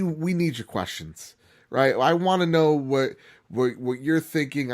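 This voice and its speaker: A man hosts a casual gaming podcast with a lively, swooping pitch. He rambles from point to point and often breaks into laughter. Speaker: podcast host.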